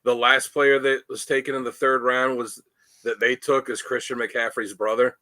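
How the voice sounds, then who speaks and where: A man with a mid-pitched voice and a bright, sharp tone chats on a live stream. He jokes casually and talks freely with the other hosts. The tone stays forward and lively. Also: moderate pace. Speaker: co-host. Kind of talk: casual chat.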